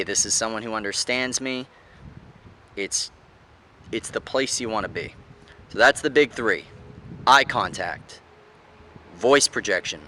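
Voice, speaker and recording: A man's voice: on the low side, sharp tone, a little hiss or hum. A man giving a motivational talk as a life coach, acting out example voices to show how to speak. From United States. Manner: demonstrates voice tones with exaggerated examples.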